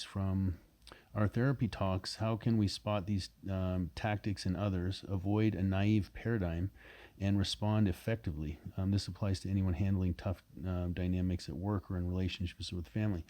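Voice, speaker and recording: A man's voice: deep voice, steady tone, moderate pace, mellow. A young man hosting a podcast interview, talking in a candid, rambling way and swearing freely. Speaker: podcast host. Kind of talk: casual conversational interview.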